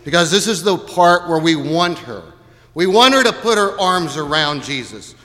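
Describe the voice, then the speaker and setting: A male pastor preaching a sermon in a church sanctuary. He delivers it dramatically, swinging from hushed to loud. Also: fairly high pitch, lively intonation, moderate pace, in a large hall.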